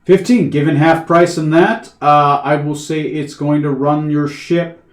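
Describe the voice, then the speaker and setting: A man's voice: on the high side, steady tone, unhurried. A man narrating a tabletop game as game master, hesitant with many fillers. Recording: echoey room.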